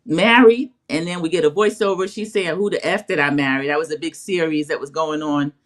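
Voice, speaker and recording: A woman's voice: deep voice, a little fast, a loud crowd. A woman co-hosting a casual chat show, retelling the episode in a chatty way and quoting people as she goes. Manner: chatty, storytelling, quotes people in a put-on voice. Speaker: co-host recapping a reality show.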